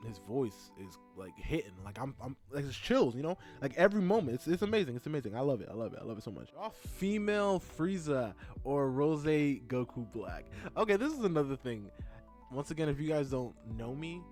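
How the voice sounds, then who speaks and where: Male vlogger, mid pitch, rambling excitable chat with lots of fillers, faint music behind. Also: a little fast. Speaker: art content creator. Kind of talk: rambling casual chat over a drawing video.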